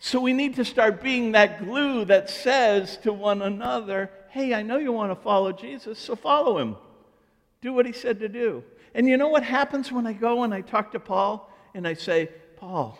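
A man preaching as pastor of his church, telling stories and acting out both sides of conversations, with big swings between loud and quiet. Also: normal speed. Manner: animated storytelling, acting out dialogue with swings of pitch and volume. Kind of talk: sermon. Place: church sanctuary. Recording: long hall reverb.

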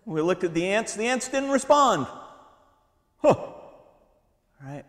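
A middle-aged man preaching a sermon in a church, conversational and animated, with humorous asides. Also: high voice, takes it slowly. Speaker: pastor. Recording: long hall reverb.

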